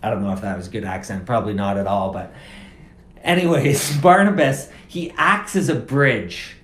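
A pastor with a medium-pitched, slightly bright voice preaches a sermon at normal speed. His style is casual and conversational, and he hammers points home by repeating phrases. The room has a noticeable echo.

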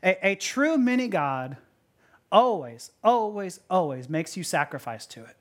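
A woman pastor preaching a sermon in an animated way. She laughs often, repeats words as she goes, and asks many rhetorical questions. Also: fairly low pitch, measured pace.

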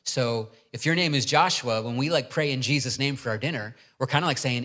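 A man preaching a sermon, opening in quiet prayer and then teaching earnestly through a passage with rhetorical questions. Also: medium pitch, fast, hardly any pauses. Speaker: pastor.

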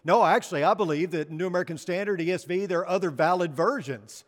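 A troubled man answers in a hesitant, mild way, voiced by a preacher telling a joke. The fairly high voice carries a long church reverb. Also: fast, natural voice. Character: troubled man about to jump from a bridge.

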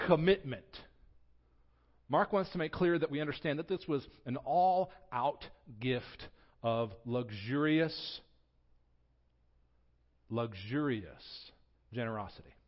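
Expressive man preaching a sermon. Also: medium pitch. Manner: expressive preaching, swings from quiet to loud. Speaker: pastor. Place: church sanctuary. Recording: dull lo-fi sound.

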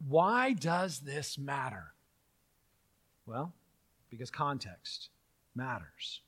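A middle-aged man preaching a sermon as pastor, animated and joking, with mock-outraged asides. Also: medium pitch, very slow.

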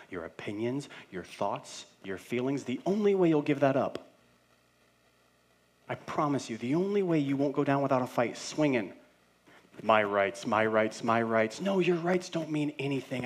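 Man, 30s, pastor, sermon, conversational, playful, emphatic rhetorical questions. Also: medium pitch. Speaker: senior pastor.

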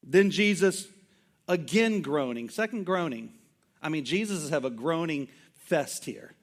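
A man's voice: on the high side, expressive, a little slow. A male pastor preaching a sermon in an emphatic, conversational way, full of rhetorical questions and asides.

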